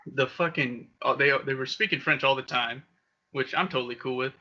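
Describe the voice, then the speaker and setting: A man's voice: medium pitch, a little fast, sharp tone, lo-fi sound. A young man co-hosting a casual podcast, telling crude stories and laughing often. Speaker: podcast co-host. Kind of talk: casual chat. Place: Okinawa.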